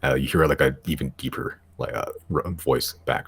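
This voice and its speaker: A man's voice: rumbling low, moderate pace, creaky, husky. A man narrating as game master in a tabletop game, with a casual, hesitant delivery full of fillers.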